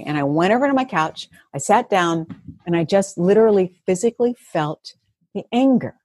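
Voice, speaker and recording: Woman guest, lively storyteller, husky voice, dry close mic, laughs a lot. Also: mid-range voice, moderate pace, no echo. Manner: animated storyteller, laughs often, acts out her own thoughts. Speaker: guest coach. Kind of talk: casual podcast conversation.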